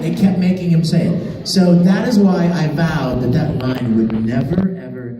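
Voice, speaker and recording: A man telling stories to fans as a convention panel guest, animated and laughing as he talks. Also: on the high side, normal speed. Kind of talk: storytelling to a live audience. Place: large convention hall. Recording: echoey hall, far mic, crowd noise.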